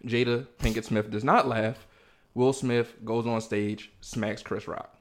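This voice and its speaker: A man's voice: medium pitch, fairly even intonation, measured pace. A man hosting a casual podcast, talking in a laid-back, slangy and profane way as he lays out his points step by step. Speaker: podcast host.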